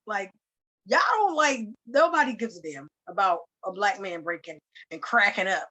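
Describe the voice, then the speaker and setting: An animated woman hosts a podcast in a casual, slangy style. She tells her story loosely and swears now and then. Her voice sits at an ordinary middle pitch. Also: brisk. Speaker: podcast host. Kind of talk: casual chat.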